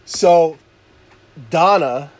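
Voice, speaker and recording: A man with a slightly raised voice tells a rowdy story in casual chat. He swears freely and shouts out the lines of the people he quotes. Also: fairly high pitch, extremely slow. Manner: animated, swearing, loud acted-out quotes. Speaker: podcast co-host telling a story.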